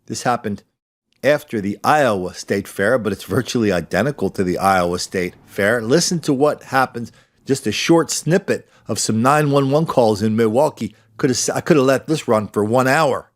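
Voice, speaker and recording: A man's voice: medium pitch, lively intonation, normal speed. An older man hosting a podcast, delivering a sarcastic commentary monologue and slipping into mocking impressions. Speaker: podcast host.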